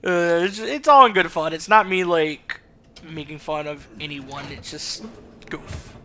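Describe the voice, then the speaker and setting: A man from the US South hosts a let's play, chatting casually and rambling from joke to joke. His voice is high-pitched and bright. He laughs often as he talks. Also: unhurried, slight background noise. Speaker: gaming channel host.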